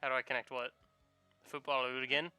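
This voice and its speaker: A man's voice: medium pitch, flat delivery, brisk, bright, forceful tone, clean tone, dry recording, faint music behind. A young man chatting casually while drawing on stream, telling playful, rambling stories. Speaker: streaming artist.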